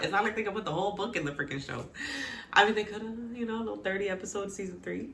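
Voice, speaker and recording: A woman casually recapping a TV episode with lively, animated reactions, quoting the characters and laughing often. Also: medium pitch, fast talker, vocal fry, reverberant, a little hiss or hum. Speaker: recap vlogger.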